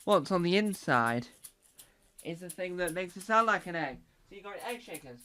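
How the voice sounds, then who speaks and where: A man's voice: high voice, animated, normal speed, pushed and bright. A man with a Northern English accent performing a playful comedy routine, repeating words and singing silly phrases. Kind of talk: audio comedy special.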